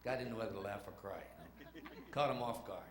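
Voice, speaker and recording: A man's voice: fairly low pitch, fast, a crowd in the background. A man telling comic stories on a theater stage, acting out voices and engine noises. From New York. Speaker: stage comedian. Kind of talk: stand-up storytelling. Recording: echoey theater with audience noise.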